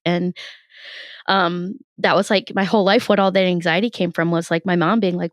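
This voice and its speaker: A woman's voice: fairly low pitch, moderate pace, no echo. A young woman, a comedian, telling stories in a casual interview, laughing often and acting out what people said. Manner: animated storytelling, laughs often, acts out quotes. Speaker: podcast guest, comedian. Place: in her bed.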